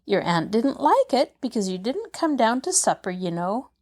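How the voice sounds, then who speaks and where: Woman reading a flustered country maid, breathless, swooping pitch. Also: very animated, moderate pace, a little mellow. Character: excited country housemaid, young woman.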